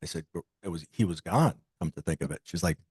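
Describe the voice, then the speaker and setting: A man guest on a podcast, telling a personal story in an animated way and acting out the dialogue he quotes. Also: sits low, quick pace, breathy edge, dry recording.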